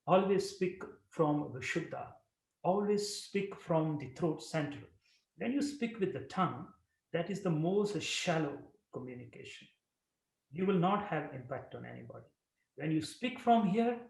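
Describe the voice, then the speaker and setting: A man teaching breathing and throat-center chanting, giving calm explanations between long, projected chanted syllables. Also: sits high, roomy sound. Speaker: yoga and meditation teacher. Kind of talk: guided breathing and chanting instruction.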